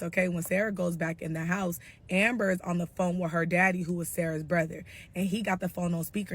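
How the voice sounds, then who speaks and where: A woman telling a story in a casual, animated, slangy way, cursing freely. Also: fairly low pitch, breathy edge. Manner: animated, slangy, profane gossip.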